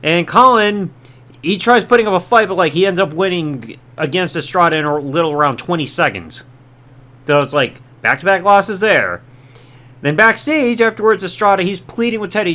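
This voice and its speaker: Male podcast host, casual chatty recap, high voice with wide, lively swings. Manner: chatty, quick asides, quotes characters mid-story. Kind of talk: casual recap of old wrestling storylines.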